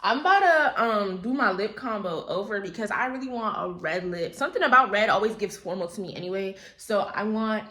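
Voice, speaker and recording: A woman's voice: mid-range voice, animated, a little fast, hardly any pauses, pushed and bright. A young adult woman chatting casually to her viewers in a vlog, calling them y'all, recorded on a handheld phone. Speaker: vlogger. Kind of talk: casual vlog chat to camera.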